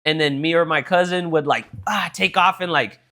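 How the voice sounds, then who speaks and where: A young man co-hosting a podcast, telling an animated, profane story in casual chat. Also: a little high, fairly quick. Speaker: podcast co-host.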